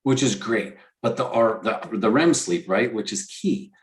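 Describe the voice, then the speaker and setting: A man's voice: lowish voice, animated, unhurried. A man co-hosting a podcast in casual chat, rambling with enthusiasm and many restarts. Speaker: podcast co-host.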